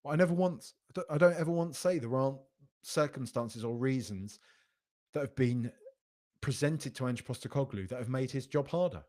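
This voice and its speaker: A man's voice: medium pitch, moderate pace, a little mellow. A man hosting a casual football podcast stream, arguing emphatically and repeating phrases as he makes his points. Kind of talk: casual live-stream commentary reading chat.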